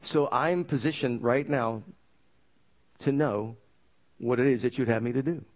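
A man preaching a sermon, telling his story with lively energy and asking the congregation for amens. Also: medium pitch, unhurried. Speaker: pastor.

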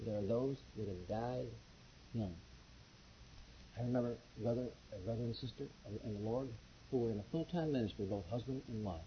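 A male pastor preaching a sermon, telling his own testimony with lively storytelling and acting out the dialogue. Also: mid-range voice, a little fast, slight background noise. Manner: animated storytelling, acts out quoted dialogue. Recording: dull lo-fi recording.

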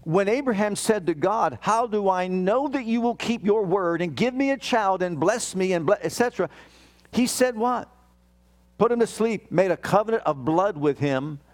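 A man's voice: high voice, animated, normal speed. A man preaching a sermon, reading scripture and dramatically voicing the prayers and complaints he quotes, often questioning his listeners. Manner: questions the congregation and reads scripture aloud.

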